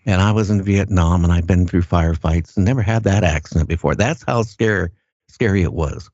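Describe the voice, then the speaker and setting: An older man with a very low voice tells his story in a plain, earnest way. He stops and restarts, often repeating words as he goes. The sound is dull and lo-fi and very dry, with no room around it. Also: brisk, darkish tone, dry recording. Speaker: guest recounting an encounter. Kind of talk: casual first-person storytelling.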